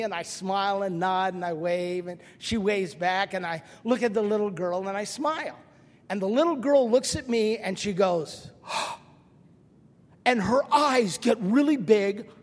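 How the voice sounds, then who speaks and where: An older man preaching in a high, bright register, with lively storytelling and a touch of self-mockery. He speaks directly to the congregation. His voice rings out into a large church hall with a long reverb tail. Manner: animated storytelling with self-deprecating humor. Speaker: pastor. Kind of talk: sermon.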